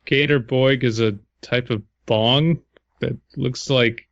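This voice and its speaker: A man co-hosting a podcast, reading a story aloud with a laugh never far off. His voice sits at an ordinary middle pitch and the sound is close and dry. He trips over words and jokes his way through them. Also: fairly even intonation, takes it slowly, gravelly, no room sound, muffled recording. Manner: jokey, laughing, stumbling over slang. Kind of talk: casual podcast chat and reading.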